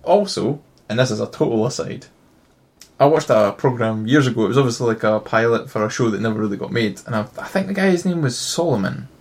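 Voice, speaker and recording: A man's voice: mid-range voice, animated, fairly quick. A man, chatting casually about a film and rambling through a long anecdote with swearing and laughs.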